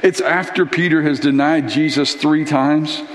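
A man preaches a casual, story-driven sermon, acting out the Bible characters as he goes. His voice sits a little high. It rings through an echoey church hall with a long reverb tail. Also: steady tone, measured pace. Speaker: pastor.

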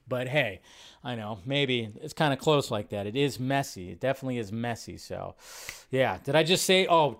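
A man hosting a live film commentary stream, talking in a rambling, animated way and jumping up in pitch to stress points.

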